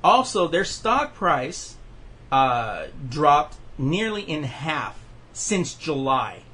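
Rambling man on a podcast, slightly high voice. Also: sing-song, drawn-out words, bright, forceful tone. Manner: rambling with many fillers and restarts. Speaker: podcast host. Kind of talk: casual chat.

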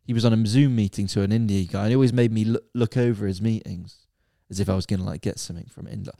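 A man's voice: lowish voice, fast talker, gravelly, dry recording, studio quality. A young man, telling stories candidly and animatedly in a casual podcast chat. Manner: animated storytelling, candid and swearing. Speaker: podcast co-host, son.

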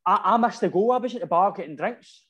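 A man's voice: sits high, quick pace, highs cut off, a crowd in the background. A Scottish man, a football supporter, telling rambling drinking stories in casual chat, full of slang and "right?". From Scotland.

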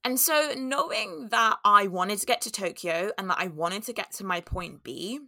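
A woman's voice: medium pitch, normal speed, sharp tone, no room sound, clean studio sound. A young woman telling a candid, reflective personal story in a monologue, now and then acting out her own inner voice.

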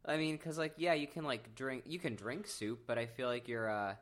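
A man's voice: medium pitch, moderate pace, a bit bright. A man co-hosting a podcast in casual chat, easygoing and thinking aloud with hesitant fillers. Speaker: podcast co-host.

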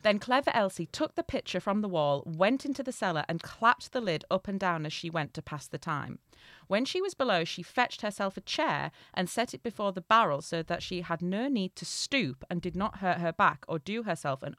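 A woman's voice: on the low side, expressive, moderate pace, hardly any pauses, a bit bright, no room sound. Giggly woman reading a fairy tale. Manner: giggly, reads the tale with jokey asides. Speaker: podcast co-host, comedian. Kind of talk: casual comedic storytelling.

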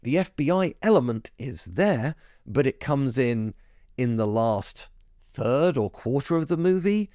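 A man hosting a podcast, talking through a film review in a chatty way, correcting himself as he goes, with his pitch jumping up when he gets keen. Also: darkish tone, no room sound, clean studio sound. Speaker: podcast host.

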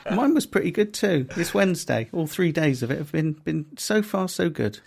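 A man's voice: fairly high pitch, very animated, normal speed, gravelly, a little mellow, breathy edge. An English man co-hosting a casual comedy podcast, bashful and self-deprecating, laughing often. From England. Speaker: co-host.

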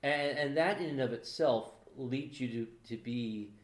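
A man's voice: mid-range voice, unhurried. A man co-hosting a casual podcast, chatting and joking as he goes. He stops and restarts his sentences a lot. His voice bounces around a reverberant room. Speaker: podcast co-host. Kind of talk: casual chat.

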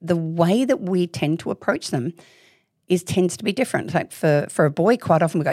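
Low-voiced, emphatic woman. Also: animated, warm tone, no room sound, clean studio sound. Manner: candid, emphatic, quick to act out voices. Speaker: parenting expert guest. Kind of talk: casual interview chat.

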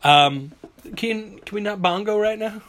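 A man's voice: high voice, unhurried. A man hosting a casual podcast, telling stories with lots of energy and acting out people's reactions, recorded on a phone. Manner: animated storyteller, acts out reactions and screams. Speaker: podcast host. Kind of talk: casual chat.

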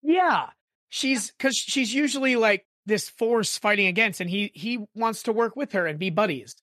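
A woman co-hosting a podcast, chiming in with quick jokey remarks in casual chat. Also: mid-range voice, a bit bright, dry recording, clean studio sound. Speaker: podcast co-host.

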